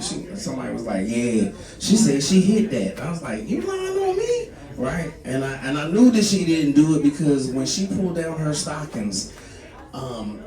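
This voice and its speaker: Male stand-up, mid pitch, filler-heavy, heard from a distance over a crowd. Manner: loose rambling delivery with many fillers. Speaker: stand-up comedian. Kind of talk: stand-up set. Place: small comedy club. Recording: echoey club, mic from far off, loud crowd. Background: audience laughter.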